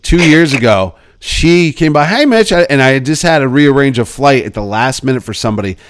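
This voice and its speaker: A man co-hosting a casual podcast, talking from his kitchen table in a blunt, self-mocking way and quick to joke. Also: mid-range voice, animated, no echo. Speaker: podcast co-host and convention organizer.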